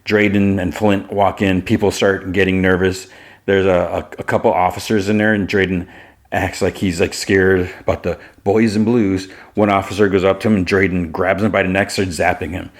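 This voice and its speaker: A man with a low, deep voice talks through a story recap in a loose, unscripted way. He strings events together with fillers and relays what the characters say without much fuss. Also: level tone, moderate pace. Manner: rambling retelling, full of fillers like "like" and "you know". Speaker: podcast host. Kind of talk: casual episode recap.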